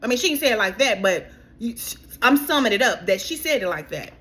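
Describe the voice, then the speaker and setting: A woman's voice: a little high, brisk. A woman recapping a reality show in a casual, exasperated way, talking straight to the cast and calling them girl. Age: adult. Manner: animated, exasperated, talks straight to the cast, keeps saying girl.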